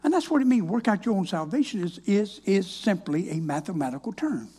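Husky older preacher. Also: male voice, sits high, expressive, fairly quick, warm tone. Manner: folksy, plainspoken, wry. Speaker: minister. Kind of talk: personal testimony sermon.

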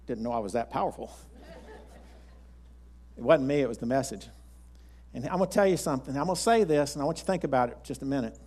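A man with a slightly raised pitch delivers a sermon. He tells stories in a folksy, rambling way, often restarting his sentences. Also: darkish tone. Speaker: pastor. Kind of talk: sermon with storytelling.

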